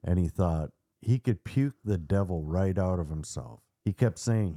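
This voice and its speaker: A man hosting a podcast, narrating a dark story with theatrical suspense and casual asides. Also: deep voice, lively intonation, a little slow, no room sound, studio quality. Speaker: podcast host.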